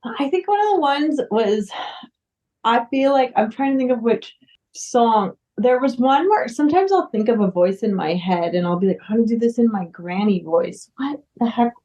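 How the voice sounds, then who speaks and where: An American singer-songwriter chats casually as an interview guest, full of fillers and restarts. Her voice is a little high but dark in tone, with lively intonation and a moderate pace, and the lo-fi sound is dull.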